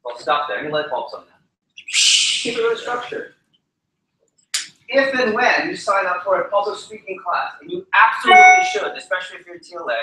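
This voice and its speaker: Energetic male speaking coach. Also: fairly high pitch, slight background noise. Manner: energetic, quizzes the audience. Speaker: public speaking trainer. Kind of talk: training seminar talk. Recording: echoey room, faint ambience.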